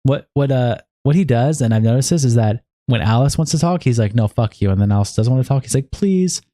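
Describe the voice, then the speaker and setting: A man's voice: mid-range voice, fast talker, warm tone, no echo, clean studio sound. A man streaming live, reading chat logs aloud and commenting on them bluntly with plenty of swearing. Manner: blunt, profane and exasperated.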